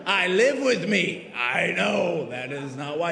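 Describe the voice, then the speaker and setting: A man's voice: high voice, big pitch swings, slow pace, creaky, some chatter behind. Man preaching in an echoey hall. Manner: dramatic, swings from hushed to shouting. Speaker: pastor. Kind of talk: sermon. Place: full church sanctuary.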